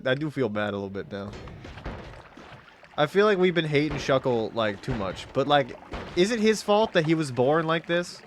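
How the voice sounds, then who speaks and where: A man's voice: on the high side, slight background noise. A man streaming a game, chatting casually, joking and swearing, with sudden yelps. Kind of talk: casual gaming stream commentary.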